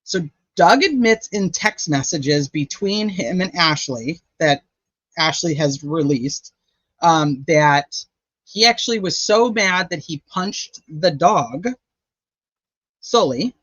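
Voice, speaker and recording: A man's voice: a little high, expressive, takes it slowly, fairly bright tone, no room sound. A man hosting a true crime channel, talking casually and filling his speech with "like" and "you know.". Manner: chatty, lots of "like" and "you know". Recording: dull lo-fi dry audio.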